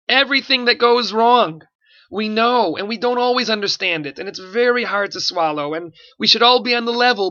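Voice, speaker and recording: Bright-voiced man preaching fervently. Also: high voice, muffled recording. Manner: fervent, repeats phrases for emphasis. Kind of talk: sermon-style Torah talk.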